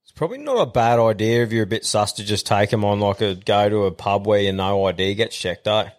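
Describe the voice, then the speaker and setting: A man's voice: on the low side, fairly quick. A man with an Australian accent hosting a podcast, telling sweary yarns in casual chat. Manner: swearing, storytelling, animated yarns. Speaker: podcast host.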